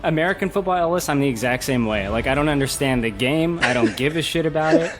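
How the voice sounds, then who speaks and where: A man from California co-hosting a podcast, excitable and quick to laugh. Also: mid-range voice, a loud crowd. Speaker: podcast co-host. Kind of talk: casual podcast chat.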